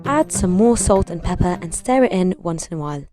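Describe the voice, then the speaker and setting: A young Palestinian woman hosts a casual vegan cooking video, giggling as she tells stories and mimics relatives in high voices. She sounds animated and chatty, talking a little fast over music.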